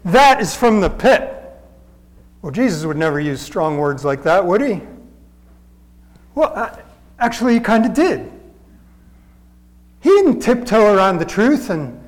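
Guy preaching in a church, pretty high voice, chatty but pushy, keeps hammering the same point. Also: sing-song, measured pace, pauses often, rough recording. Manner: earnest, conversational teaching with emphatic repetition. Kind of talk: sermon.

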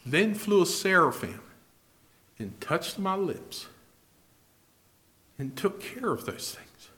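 Here a preacher swings between forceful pronouncements and quiet side comments, his pitch ranging widely. Passages of scripture get a deliberate, antiquated cadence.

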